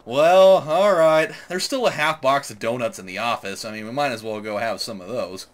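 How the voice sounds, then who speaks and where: A man putting on a whiny, high voice for a dopey cop who gives up the chase. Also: moderate pace, lightly acted. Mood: grumbling. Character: dopey, grumbling male cops giving up.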